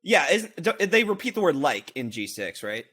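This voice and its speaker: A man co-hosting a podcast, rambling in casual banter and breaking into sung and shouted bits. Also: fairly high pitch, big pitch swings, normal speed, breathy edge. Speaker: podcast co-host.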